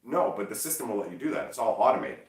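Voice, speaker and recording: Man, casual livestream chat, loud and energetic, swinging pitch, roomy sound from off-mic. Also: racing, far from the mic. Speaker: streamer.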